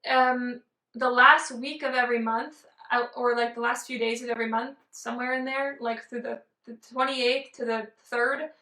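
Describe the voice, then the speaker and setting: A woman's voice: fairly high pitch, fairly even intonation, moderate pace, bright, forceful tone, reverberant, recorded from a distance, low-quality recording. A woman vlogging casually to camera from a room at home, bubbly and exclamatory as a business coach. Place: room in a house. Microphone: camera on tripod.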